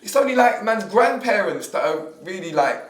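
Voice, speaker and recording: A man's voice: high-pitched, moderate pace, distant mic. A man, chatting casually on a podcast, repeating and restarting his words. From England. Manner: animated, slangy, repeats words. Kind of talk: casual chat. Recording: echoey room, away from the mic.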